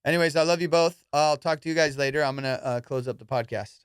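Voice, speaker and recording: A podcast host spins a rowdy story in loose, profane chat and jumps into his friends' voices as he goes. His voice sits a little high and is smooth and clear. The sound is dry and close to the mic. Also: fast, no echo. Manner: profane, animated storyteller who acts out friends' lines.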